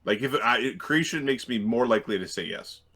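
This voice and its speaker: A man's voice: medium pitch, lively intonation, fast, fairly bright tone. A man running a tabletop game as game master, hesitant, with many fillers and restarts and easy laughter.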